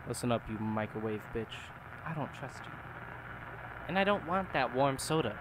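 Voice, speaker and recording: A man's voice: medium pitch, animated, a little slow, pauses often, background noise. Goofy young man playing a horror game. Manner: goofy, jokey, talks back to the game. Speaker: gaming YouTuber. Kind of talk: horror game let's play commentary.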